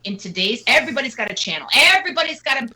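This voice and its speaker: A woman guest on a radio interview, talking in a casual, animated and mocking way with quick asides. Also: a little high, a crowd in the background, poor audio. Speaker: guest singer.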